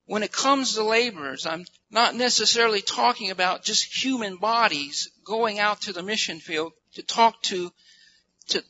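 A man's voice: high voice, bright, forceful tone, highs cut off, slight background noise. A man preaching a sermon as pastor, earnest and building to emphatic peaks.

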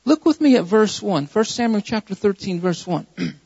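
A man's voice: high-pitched, lively intonation, normal speed, gravelly, a little mellow, husky, big-room sound, highs cut off. A male pastor preaching a sermon, repeating key phrases with rising emphasis.

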